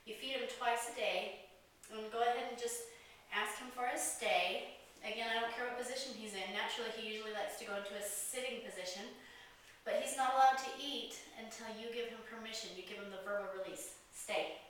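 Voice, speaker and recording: A woman's voice: a little high, fairly quick. Woman dog trainer, echoey and distant. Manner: relaxed, explanatory, many fillers. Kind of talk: instructional demonstration. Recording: echoey, distant mic with hiss.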